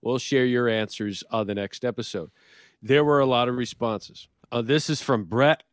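A man's voice: medium pitch, moderate pace, no room sound, clean studio sound. A man co-hosting a sports podcast in casual chat, teasing his partner and reading listener tweets aloud. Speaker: podcast co-host.

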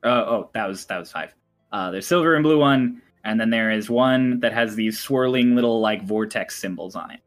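A man's voice: fairly low pitch, moderate pace, faint music behind. A man running a tabletop game who narrates in a chatty way, laughing often and using many fillers. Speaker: game master.

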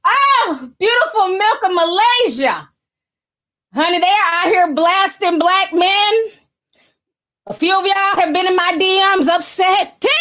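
A woman's voice: high voice, fairly bright tone. A woman hosting a sassy livestream commentary, laughing often and talking straight to her viewers. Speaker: commentary streamer.

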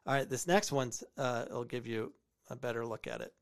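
Heavy background noise surrounds a creaky, mid-range male voice at a moderate pace. He's an American podcast host going over soccer clips, casually opinionated and repeating phrases for emphasis.

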